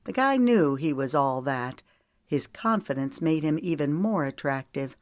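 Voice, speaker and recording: A woman narrating an audiobook in measured, steady storytelling. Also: deep voice, no echo, studio quality. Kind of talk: scripted narration.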